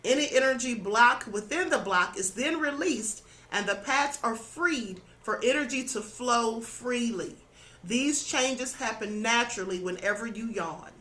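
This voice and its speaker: In a spiritual teaching monologue for her channel, a woman speaks at a measured pace in a high, bright, slightly worn voice. She stays earnest and instructive, often tacking on "okay?" or "you know."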